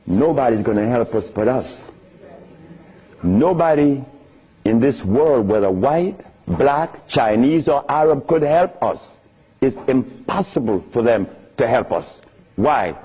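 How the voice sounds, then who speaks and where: A man's voice: mid-range voice, lively intonation, slow, mellow, husky. A man giving a storytelling talk to an audience, emphatic and chuckling through his asides. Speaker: speaker at a Q&A talk. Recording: dull lo-fi recording.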